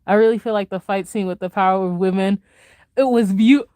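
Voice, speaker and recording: This woman vlogger reacts in an easygoing chat, bubbly and thrilled, often laughing as she jumps between loud bursts and soft muttering. Her pace runs a little quick, and there's no room sound at all.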